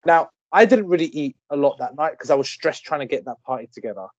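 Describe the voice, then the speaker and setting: A man in his thirties telling a story on a casual podcast, animated and swearing freely. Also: on the high side, fast, dry recording, lo-fi sound. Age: 30s. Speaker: podcast co-host. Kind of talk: casual chat.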